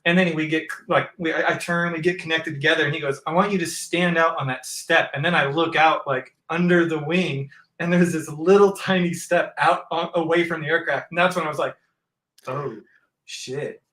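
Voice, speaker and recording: A man from northern Arizona hosting a podcast, telling a story in relaxed casual chat. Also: a little high, a little fast, few pauses, echoey room. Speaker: podcast host.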